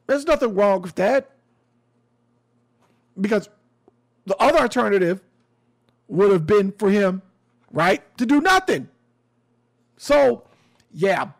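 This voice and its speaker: High-voiced, unhurried male commentator. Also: lively intonation. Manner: conversational, sarcastic, emphatic. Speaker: commentary host. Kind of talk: casual news commentary.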